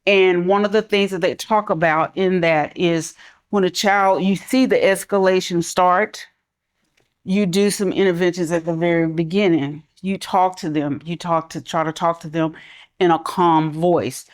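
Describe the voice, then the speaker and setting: A middle-aged woman who works in schools, speaking conversationally on a panel and softening her voice for examples. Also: on the low side, a little slow. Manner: conversational, relaxed, drops to a soft calm voice for examples. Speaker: school mental health professional. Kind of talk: panel talk.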